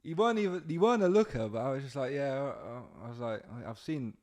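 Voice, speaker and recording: A man's voice: medium pitch, animated, quick pace, a little mellow. A young man, hosting a podcast and swapping work stories in casual chat, swearing freely and acting out quotes. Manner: swearing, storytelling with acted-out quotes. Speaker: podcast host.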